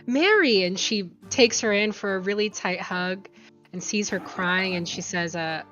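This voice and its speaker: Female player, gentle tender character voice, dull lo-fi mic. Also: mid-range voice, a little slow, faint music behind. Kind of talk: tabletop role-play.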